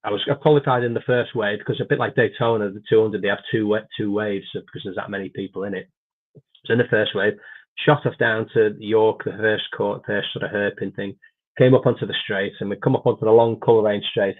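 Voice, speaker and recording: A middle-aged man, a former racer, telling animated anecdotes in casual conversation, restarting his sentences often. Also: fairly low pitch, breathy edge. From Britain. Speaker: podcast guest, former racer. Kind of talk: casual storytelling. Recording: tinny phone-like line.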